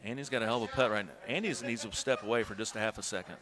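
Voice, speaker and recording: A man casually commentating a golf video game stream, joking, swearing and bursting into excited shouts. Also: fairly low pitch, racing, background noise.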